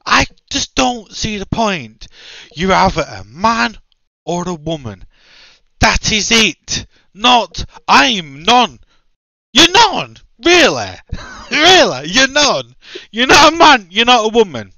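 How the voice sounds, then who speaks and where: A man's voice: sits high, very animated, takes it slowly, pushed and bright, no echo, rough recording. A man hosting a podcast, ranting in exasperated, repeated questions. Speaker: podcast host. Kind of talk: casual opinion chat.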